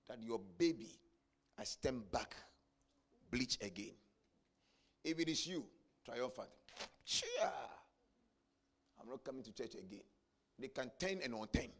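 A man preaching a sermon, telling a story and building to shouted climaxes. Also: medium pitch. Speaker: pastor.

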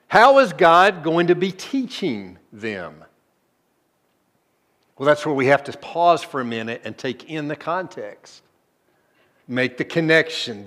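Man preaching with rhetorical questions. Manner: swings between low, soft stretches and loud emphatic bursts; asks the congregation rhetorical questions. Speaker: pastor. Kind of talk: sermon.

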